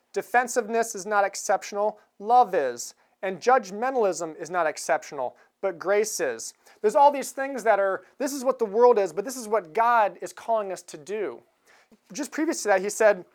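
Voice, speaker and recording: A woman giving a sermon in a conversational manner, chuckling now and then as she tells stories. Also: fairly high pitch. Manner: conversational, chuckles while retelling a film scene. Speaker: preacher.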